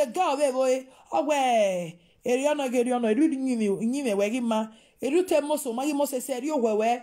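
A woman's voice: high voice, warm tone. A woman with a Nigerian accent giving an impassioned, scolding monologue to her viewers, slipping between Pidgin and local-language phrases. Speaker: vlogger.

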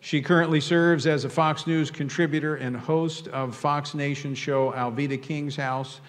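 A man's voice: a little high, steady tone, normal speed. Male host reading formal speaker introductions, reverberant hall. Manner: warm formal introductions, lifting on names and titles. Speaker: event host.

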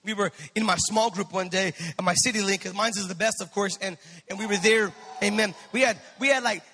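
High-voiced preaching man, church reverb. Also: a little fast, gravelly. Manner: preaching with rising fervor, swinging from soft to shouted. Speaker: pastor. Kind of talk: sermon.

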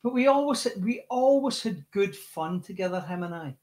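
A Scottish man with a high, bright speaking voice talks as a guest in a casual interview. He is a rock singer and spins lively anecdotes, tripping over restarts and repeating words as he goes. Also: normal speed. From Scotland.

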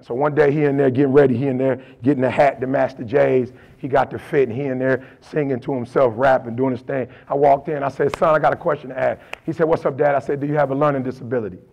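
A man's voice: mid-range voice, fairly even intonation, quick pace, creaky, few pauses, darkish tone. A middle-aged man and motivational speaker, telling stories in a colloquial, emphatic way. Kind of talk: storytelling motivational talk.

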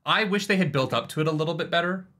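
A man co-hosting a casual livestream book chat, animated and swearing freely. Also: fairly high pitch, quick pace. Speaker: podcast co-host.

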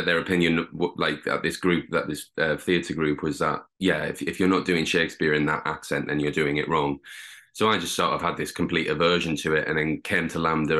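A man's voice: a bass voice, fairly bright tone. A young man from Durham with a northern English accent, chatting as an interview guest in a rambling way with lots of fillers and restarts. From Durham, England. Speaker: guest actor. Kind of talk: casual interview.

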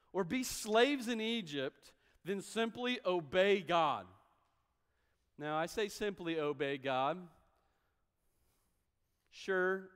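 His voice is high, smooth, and a bit bright as he preaches from a church sanctuary, the sound ringing with long hall reverb. The pastor talks conversationally and mimics the people he's quoting.

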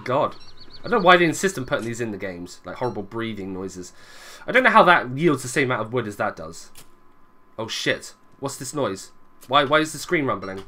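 Bright, lively gamer. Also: male voice, mid-range voice. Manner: chatty running commentary, muttering asides to viewers. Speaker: gaming video creator. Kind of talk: let's play commentary.

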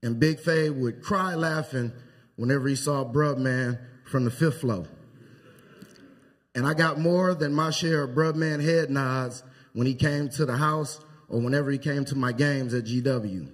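Husky man giving a eulogy. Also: mid-range voice. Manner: anecdotal storytelling with pauses. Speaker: eulogy speaker. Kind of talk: funeral eulogy. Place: church sanctuary.

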